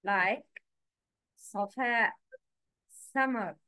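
A woman's voice: fairly high pitch, drawn-out words, bright, forceful tone, dry recording, poor audio. A woman teaching Arabic letter pronunciation in English, carefully spelling out each letter sound one by one. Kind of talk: slow, careful teaching with repeated example sounds.

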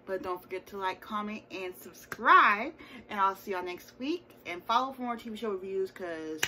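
A woman with a mid-range voice, talking a little fast amid background noise, hosts her own channel as a TV show reviewer. She recaps a reality show episode in a chatty, sassy way, tossing in playful asides.

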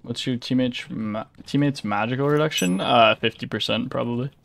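A man's voice: mid-range voice, fairly quick, vocal fry, a bit bright. A man streaming a game, chatting casually with his teammate in a laid-back, slangy way and laughing often. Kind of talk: casual gaming chat.

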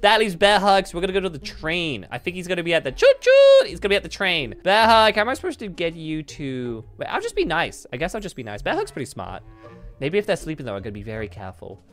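A woman hosting a Minecraft roleplay, bubbly and excitable, often laughing between lines. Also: lowish voice, fast talker, faint music behind. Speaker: host.

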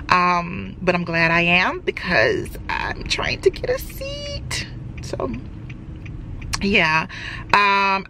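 A woman's voice: mid-range voice, fairly bright tone, slight background noise. Chatty woman vlogging from the car. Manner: chatty and rambling, many fillers. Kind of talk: casual chat to camera.

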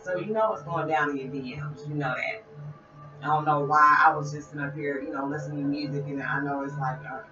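A woman's voice: sits low, fairly even intonation, brisk. A woman talking casually to her viewers in a spiritual vlog, rambling and repeating phrases as she addresses them directly. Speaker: spiritual vlogger. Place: at home, listening to music. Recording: roomy, distant, dull sound with music. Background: music playing.

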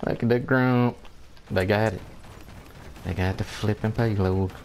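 Slow, low-voiced grumbling game commentator. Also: male voice, steady tone, darkish tone, slight background noise. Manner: incredulous, grumbling, repeats himself in disbelief; folksy mild oaths, chuckles often. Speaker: gameplay commentator. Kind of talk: casual gameplay commentary.

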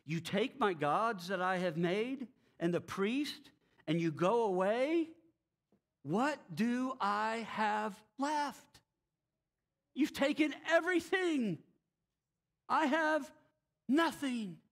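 A man's voice: very high voice, animated, takes it slowly, pauses often, fairly bright tone, pitched above the performer's own voice, heavily acted. A man preaching acts out a robbed, desperate man pleading over his lost gods, his voice rising in anguish. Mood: despairing.

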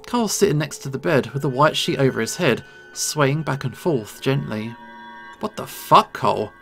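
A man reading a visual novel aloud with a lively, swinging delivery. His reading is expressive and dramatic, with soft guitar music playing faintly behind. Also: medium pitch, moderate pace, vocal fry. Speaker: gaming YouTuber.

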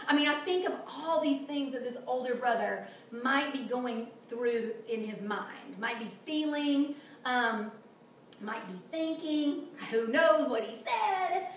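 A woman teaching a children's Bible lesson in an animated way, often asking the kids questions. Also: high voice. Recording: echoey room, distant mic, faint noise.

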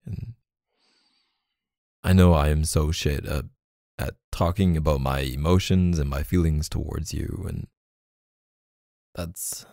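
A young man speaking softly and hesitantly in a whispered role-play, as an affectionate boyfriend. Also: a bass voice, takes it slowly, pauses often, dry recording, studio quality. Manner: soft-spoken, hesitant, affectionate. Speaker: ASMR boyfriend roleplay creator.

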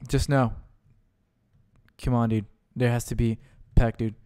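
Excitable young man narrating his gameplay. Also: medium pitch, measured pace, clean tone, no echo, clean studio sound. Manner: excitable, says "dude" constantly, yells and laughs at the game. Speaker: gaming channel host. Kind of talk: let's play commentary.

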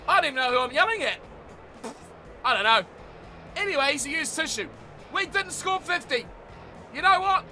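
A man with a New Zealand accent commentating his own rugby video game, yelling mock insults at the players and then muttering to himself. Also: extremely high pitch. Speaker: gaming YouTuber.

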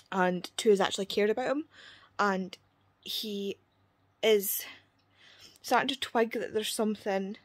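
A young woman talks through a book in a relaxed vlog, jumping into quoted voices and asides. Her voice sits at an ordinary middle pitch and sounds dry and close, with almost no room sound. She keeps it chatty and animated. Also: no room sound. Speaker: book vlogger. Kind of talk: casual book review vlog.

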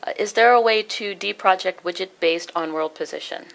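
A woman's voice: lowish voice, fairly quick, vocal fry, fairly bright tone. A woman hosting a livestream, reading viewer questions aloud in a casual way. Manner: reads questions aloud, brief acknowledgements.

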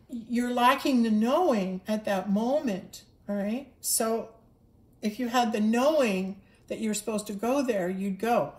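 A woman's voice: fairly high pitch, a little slow, a little mellow, roomy sound. A woman giving an earnest spiritual monologue, repeating herself and stumbling over restarts as she speaks. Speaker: spiritual livestreamer.

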